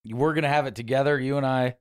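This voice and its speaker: A man's voice: mid-range voice, steady tone, quick pace, clean tone. A man co-hosting a podcast in casual banter, laid-back and agreeable, often saying "dude". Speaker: podcast co-host.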